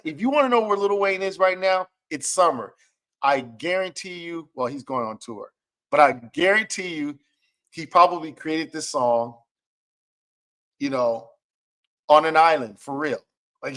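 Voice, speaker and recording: A man's voice: fairly high pitch, a bit bright. A middle-aged man, a music producer, giving casual commentary, chatty and often checking in with "okay?". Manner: chatty, repeats "okay?" to check in with listeners, acts out quotes.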